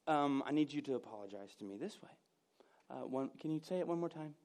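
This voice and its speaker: A man preaching a conversational sermon, self-mocking, with loud emphatic bursts and hushed asides. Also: a little high, animated, a little fast.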